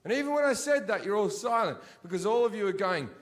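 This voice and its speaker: A male stand-up comedian performing in a large theatre, swinging between shouted rants and low mutters, with heavy swearing. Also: sing-song, quick pace. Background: audience laughter.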